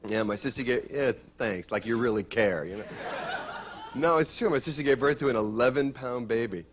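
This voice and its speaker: A man's voice: mid-range voice, background noise. A man doing a stand-up routine on stage, teasing the crowd, then chatting with the host. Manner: quick, teasing banter with the crowd. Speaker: stand-up comedian. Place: stage before a live audience.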